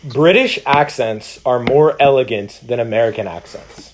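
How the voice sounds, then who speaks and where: A man's voice: mid-range voice, moderate pace, a little hiss or hum, poor audio. A young man hosting a casual podcast, laid-back and a little hesitant, with frequent fillers. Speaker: podcast host. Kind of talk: casual chat.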